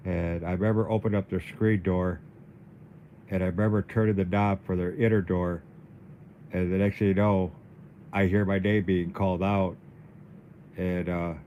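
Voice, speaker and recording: A man livestreaming in a casual, halting way, dizzy and weak, often repeating his words. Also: deep voice, narrow, tinny audio, a little hiss or hum. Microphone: phone.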